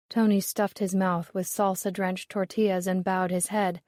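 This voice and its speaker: In this scripted audiobook narration, a woman tells a mystery story at an even, measured pace. The studio sound is clean with no room sound, and her voice is mid-range.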